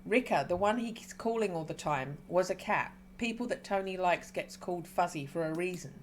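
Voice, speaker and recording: A woman streamer reading a game's dialogue aloud and reacting with excited squeals between calmer reading. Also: lowish voice, moderate pace, a little hiss or hum.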